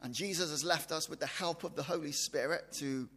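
A man's voice: fairly high pitch, fairly quick, creaky, sharp tone, breathy edge. Man preaching in a reverberant hall. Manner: rhetorical questions, repeats phrases for emphasis. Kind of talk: sermon.

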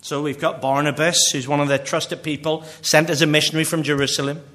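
A man with a Northern Irish accent delivers a sermon. His voice sits a touch high for a man, and he leans into key words by slowing right down. He often lets the ends of his phrases fall away soft and quiet. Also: flat delivery. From Northern Ireland. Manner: earnest, slows down for emphasis, drops quiet at phrase ends. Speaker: pastor.

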